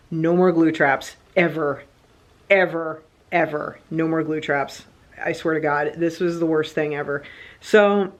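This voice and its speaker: A woman vlogger telling a personal story in a chatty, animated way, full of fillers and quoted back-and-forth. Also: low voice. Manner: chatty, animated, lots of fillers like "like" and "you know". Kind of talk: casual storytelling vlog.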